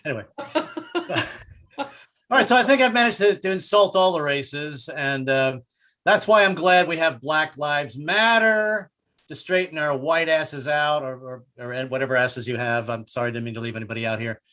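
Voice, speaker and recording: Brief: older male stand-up comic, bright tense tone, slightly high voice, rambling self-mocking delivery. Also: moderate pace. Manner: rambling, self-deprecating, many restarts. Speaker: stand-up comedian. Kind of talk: stand-up comedy set.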